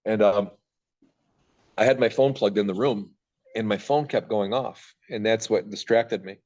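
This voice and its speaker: A man's voice: lowish voice, a little slow, a little mellow, muffled recording. A man telling his personal story as a podcast guest, in a raw, rambling way, swearing freely. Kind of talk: candid personal recovery story.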